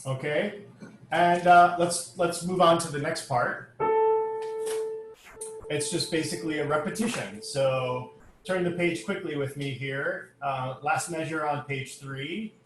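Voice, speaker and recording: Loud music plays behind a choir director whose voice is a little high and unhurried, coming through a video call from an echoey room. He coaches his online rehearsal on diction, singing short phrases to demonstrate between instructions.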